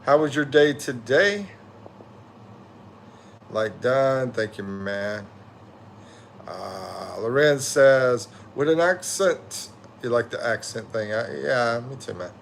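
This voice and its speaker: A man's voice: mid-range voice, slow pace, vocal fry, long pauses, fairly bright tone, slight background noise. A tired middle-aged man from the USA hosting a livestream, rambling and correcting himself as he chats loosely with viewers. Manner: rambling, self-correcting, loose slangy talk. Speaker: livestream host. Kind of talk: casual livestream chat reading viewer comments.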